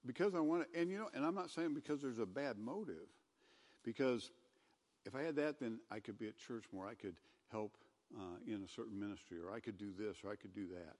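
A man's voice: medium pitch, a little fast, long reverb tail. Conversational man preaching in a church. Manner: conversational preaching, rising to loud scripture reading. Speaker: pastor. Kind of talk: sermon.

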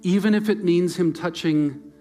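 Earnest pastor man, loud to hushed. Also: high-pitched, moderate pace, over music. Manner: earnest, swings from loud emphasis to near-whispered softness. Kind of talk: sermon.

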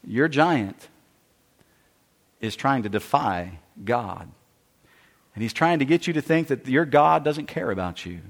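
A man's voice: mid-range voice, expressive, a little slow, long pauses. A man preaching a sermon with dramatic delivery, acting out the voices of Bible figures and worried churchgoers. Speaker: pastor. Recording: long hall reverb.

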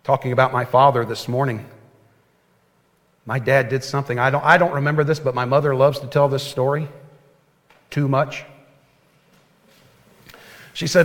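A man preaching a sermon as pastor, earnest and folksy, often dropping to a soft hush. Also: mid-range voice, fairly even intonation, moderate pace, long pauses. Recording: long hall reverb.

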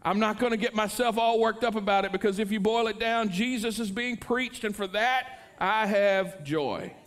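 A man's voice: sits high, moderate pace, fairly bright tone. A middle-aged male pastor preaching a sermon in an earnest manner, rising into impassioned pleas.

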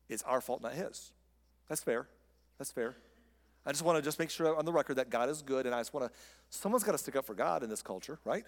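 Conversational male preacher in a big hall. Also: a little high. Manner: conversational, animated storytelling. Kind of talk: sermon. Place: large hall with a podium. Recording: long reverb of a large hall.

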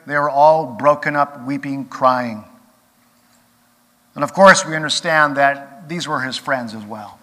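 Slow, bright-voiced man preaching in a hall. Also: a little high. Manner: earnest, rising to emphatic peaks then dropping quiet. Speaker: pastor. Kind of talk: sermon. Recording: long reverb of a large hall.

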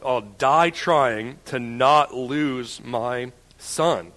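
A young man preaching a sermon, moving from a personal story told in a quiet conversational voice to forceful preaching. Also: medium pitch. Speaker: pastor. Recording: church hall reverb.

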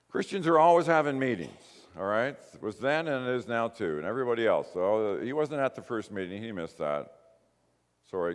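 A man preaching a sermon, telling the story in a lively way and acting out the quoted lines. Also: mid-range voice. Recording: long hall reverb.

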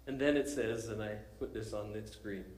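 A man's voice: fairly low pitch, fairly even intonation, normal speed, a little mellow, roomy sound, low-quality recording. A male pastor preaching a sermon, telling a story with animation and frequent chuckles.

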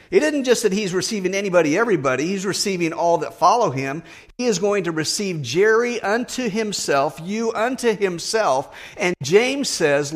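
A middle-aged man delivers a sermon in a fairly high voice. He preaches earnestly and with emphasis, climbing in pitch on the words he presses hardest.

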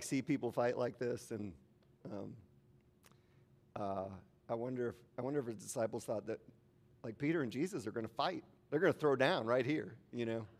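A man's voice: mid-range voice, darkish tone. A man preaching a sermon as a pastor, in an informal, conversational way with asides to the congregation.

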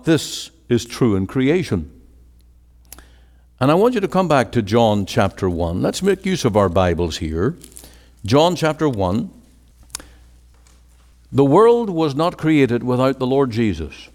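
A man's voice: lowish voice, a little mellow. A man preaching a sermon with an emphatic, rising and falling cadence. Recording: long hall reverb.

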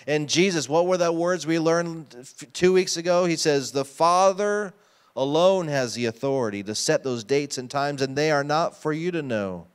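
Smooth-voiced man preaching a sermon. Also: fairly high pitch, moderate pace. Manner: emphatic, asks the congregation questions. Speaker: pastor. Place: church sanctuary.

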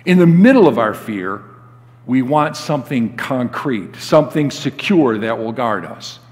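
A man's voice: mid-range voice, expressive, a little slow. An older man preaching a sermon as a guest pastor, telling stories and acting out the quoted lines with rising emphasis. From United States. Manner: storytelling, acts out quoted dialogue with rising emphasis. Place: church sanctuary. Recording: long hall reverb.

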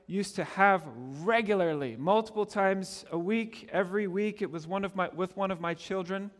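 A middle-aged male pastor from Canada delivering a sermon, earnest and conversational with touches of gentle humor. His voice sits notably high for a man. The sound carries a long reverb, as in a church hall. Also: normal speed. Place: church sanctuary.

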